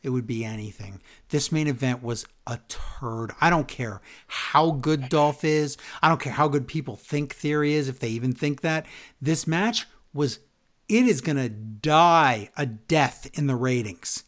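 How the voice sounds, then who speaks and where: A man's voice: medium pitch, measured pace. A man co-hosting a podcast, ranting sarcastically in a casual wrestling recap. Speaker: podcast co-host.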